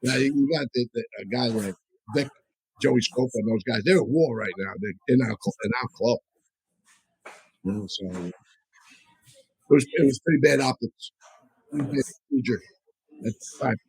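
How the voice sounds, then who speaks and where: Husky man, dry close sound, rambling storyteller with restarts, casual and profane. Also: medium pitch, moderate pace, pauses often, darkish tone, no room sound, poor audio. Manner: rambling, frequent restarts and asides. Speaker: podcast co-host and storyteller. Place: live audience show.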